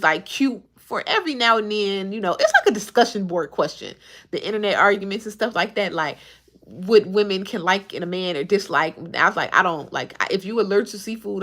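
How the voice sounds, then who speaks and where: Twenties woman, Chicago accent, lively casual livestreamer with a swooping pitch. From Chicago suburbs. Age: 20s. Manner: animated, talks back to chat.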